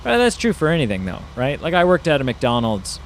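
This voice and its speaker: A man's voice: medium pitch, huge pitch swings, fairly quick, slight background noise. A man giving casual, rambling commentary while playing a farming game, musing aloud with lots of fillers. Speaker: gaming YouTuber.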